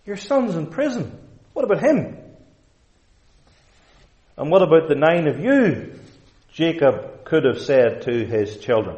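A man's voice: on the high side, very animated, unhurried, long pauses, a little mellow. A man preaching a sermon in a church, emphatic and fond of rhetorical questions. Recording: echoey room.

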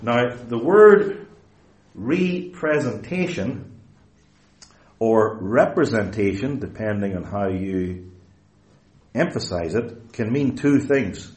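A man preaching a theological lecture-sermon, emphatic and deliberate, stretching key words and correcting himself as he explains. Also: lowish voice, expressive, a little mellow. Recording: roomy echoey hall.

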